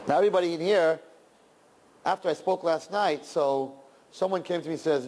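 A man, a rabbi, giving an animated sermon to young people, sprinkling in Yiddish and Hebrew terms and swinging between loud and hushed. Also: on the high side, brisk, in a large hall.

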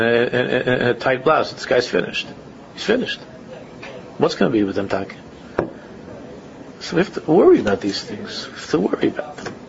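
Gravelly man giving a repetitive religious talk. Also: mid-range voice. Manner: repetitive, restates phrases, rises to emphatic questions. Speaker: religious speaker. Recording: muffled lo-fi recording.

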